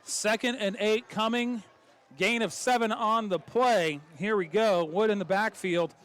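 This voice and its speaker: A man calling high school football play-by-play, excitable, with quick play calls, stumbles and laughs. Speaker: play-by-play announcer.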